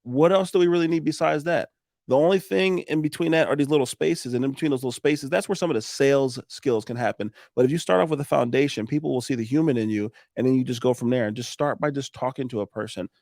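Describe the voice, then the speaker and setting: A man guesting on a podcast, talking in a lively coaching way with frequent restarts and laughs. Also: mid-range voice, quick pace, creaky, dry recording, studio quality. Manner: animated, coaching tone, laughs often, restarts sentences. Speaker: podcast guest, roofing business owner. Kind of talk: casual podcast chat.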